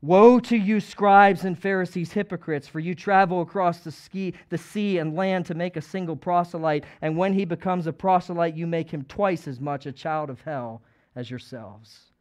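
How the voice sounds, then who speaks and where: A man pastor preaching a sermon, swinging from hushed pleading to loud, fervent calling out. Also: on the high side, steady tone, normal speed.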